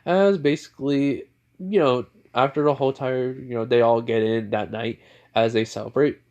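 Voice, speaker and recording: Young guy making up a fan story as he goes, lots of um and you know, mid-pitch voice. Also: fairly even intonation, normal speed, a little mellow, muffled recording. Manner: rambling, filler-heavy. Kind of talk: improvised fan fiction narration.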